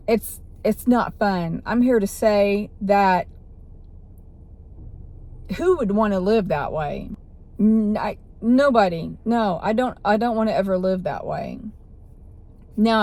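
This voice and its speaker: A woman's voice: mid-range voice, slow, a little mellow. A woman vlogger telling a personal story in a rambling way, with restarts and self-corrections.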